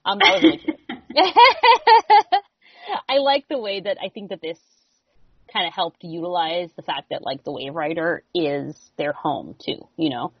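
Low-voiced woman, dry muffled podcast audio. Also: moderate pace, breathy edge, dry recording. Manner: easygoing, many "um"s. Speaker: podcast co-host. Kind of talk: casual TV recap chat.

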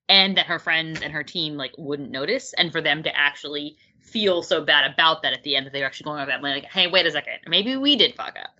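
A woman chatting casually as a podcast co-host, relaxed and agreeable. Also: low voice. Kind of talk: casual chat. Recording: slightly dull lo-fi sound.

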